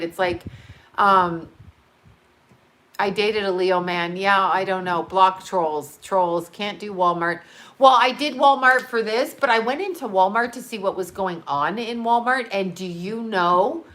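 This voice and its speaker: A middle-aged woman with a medium-pitched, slightly bright voice hosts a casual livestream. She reads out viewer comments and talks freely, swearing and laughing at her own jokes.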